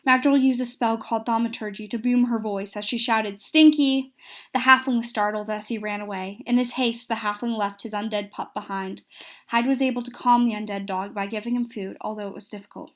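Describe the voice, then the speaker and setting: A woman's voice: on the high side, steady tone, fairly quick, fairly bright tone. A woman narrating a recap of a tabletop fantasy game, reading steadily with small slips and restarts.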